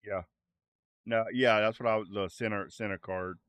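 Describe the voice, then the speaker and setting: A man's voice: lowish voice, fairly even intonation, moderate pace, a bit bright, no echo. A man narrating a tabletop role-play game as game master, in a loose conversational way with fillers.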